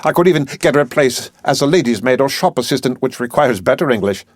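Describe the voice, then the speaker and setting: A man's voice: medium pitch, expressive, fast talker, no echo, clean studio sound, voice pushed up, close to an everyday voice. Man doing an arrogant lecturing professor. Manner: lecturing, scornful, emphatic. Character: brusque, arrogant male phonetics professor.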